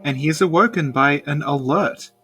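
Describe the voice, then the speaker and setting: A woman's voice: low-pitched, moderate pace, fairly bright tone, slightly rough, soft background music. A woman co-hosting a casual podcast, recapping with dry sarcasm and frequent laughs. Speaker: podcast co-host.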